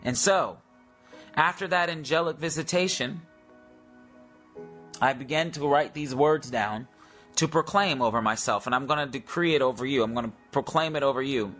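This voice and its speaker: A man's voice: medium pitch, moderate pace, fairly bright tone, soft background music. A man preaching in a live-stream devotional, repeating declarations for listeners to say after him.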